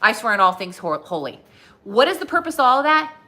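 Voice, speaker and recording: A woman's voice: on the high side, big pitch swings, brisk, sharp tone, slight background noise. A woman from Southern California, a weight loss coach, telling a personal story in a chatty way with lots of fillers.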